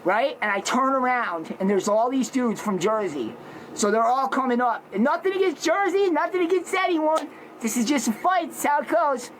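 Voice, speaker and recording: A man telling a story loudly and dramatically, acting out shouts and growls. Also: very high voice, expressive, moderate pace, a little hiss or hum, rough recording. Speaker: social media personality. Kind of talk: animated storytelling.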